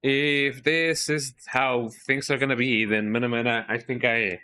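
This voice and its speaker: A man streaming a video game live, talking to himself in a worried, halting way and yawning now and then. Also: mid-range voice, steady tone, bright, forceful tone. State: sleepy, yawning. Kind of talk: casual live gameplay commentary.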